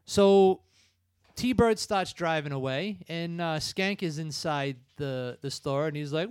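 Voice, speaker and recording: A man hosting a podcast, retelling film scenes casually with quick impressions. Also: a little high, smooth, no echo. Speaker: podcast host. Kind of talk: casual chat.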